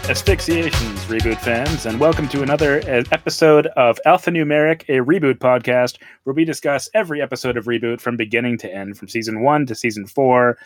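A man's voice: medium pitch, brisk, hardly any pauses, soft background music. A man hosting a casual podcast, laid-back and meandering, chuckling between lines. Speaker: podcast host.

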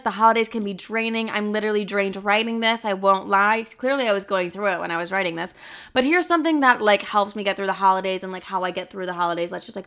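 A woman in her twenties talks straight through a casual solo podcast, with a bright, forward voice at an ordinary pitch. She is chatty and dramatic and swears freely as she rambles. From Chicago. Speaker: podcast host.

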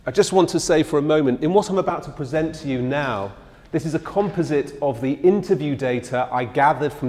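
A man's voice: medium pitch, darkish tone. Male lecturer telling stories in a hall. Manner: conversational storytelling, acting out quoted speech. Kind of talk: public lecture with anecdotes.

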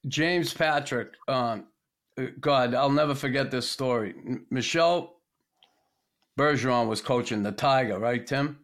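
A man's voice: mid-range voice, a little slow, fairly bright tone. A man hosting a podcast, telling profane locker-room anecdotes in a casual, laughing way. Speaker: podcast host. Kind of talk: casual storytelling chat.

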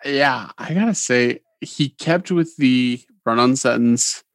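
A man's voice: mid-range voice, slow, no room sound. A man co-hosting a podcast, chatting casually as he reviews and scores a TV episode. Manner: laid-back, conversational, gives scores. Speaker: podcast co-host.

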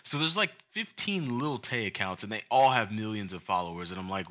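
A man's voice: lowish voice, fairly quick. A young man co-hosting a casual podcast, telling stories with animation and ranting with passion. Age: young adult. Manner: animated storytelling, mocking put-on voices; rants with passion. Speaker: co-host.

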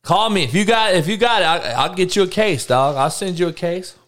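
A man's voice: high voice, expressive, a little fast, a bit bright, slight background noise. A male livestream host ranting to his live chat, profane and rambling, with many restarts. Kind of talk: casual unscripted rant to a live chat.

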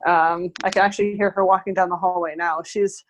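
A woman's voice: on the low side, fairly even intonation, brisk, slight background noise. A woman who works in pest control, chatting casually as an interview guest, rambling with many fillers.

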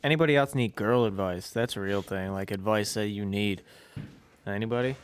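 A man's voice: lowish voice, brisk, clear, resonant tone. A man hosting a casual podcast chat, loose and hesitant, swearing freely. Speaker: podcast host.

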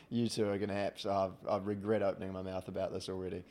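A man's voice: on the low side, fairly even intonation, brisk, few pauses, darkish tone. A man co-hosting a podcast, joking and self-deprecating in casual banter. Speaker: podcast co-host.

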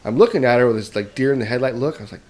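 A man's voice: mid-range voice, lively intonation, rapid-fire, a little mellow. Man, casual podcast storyteller; rambling, self-deprecating, keeps tagging "right?". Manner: rambling, self-mocking, often adds "right?". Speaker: podcast co-host telling a story.

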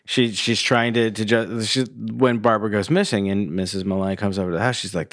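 A man co-hosting a podcast, casually retelling movie scenes with lots of "like" and quick laughs. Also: on the low side, little pitch movement, fairly bright tone, no echo, clean studio sound. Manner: loose, laughing retelling with many likes. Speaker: podcast co-host. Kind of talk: casual movie review chat.

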